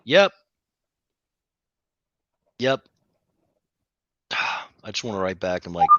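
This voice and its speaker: A man's voice: on the low side, very animated, drawn-out words, pauses often, pushed and bright, no echo, dull audio. A frustrated man calling into a livestream, venting in a rambling, profane way. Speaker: caller on a livestream. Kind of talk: angry venting chat.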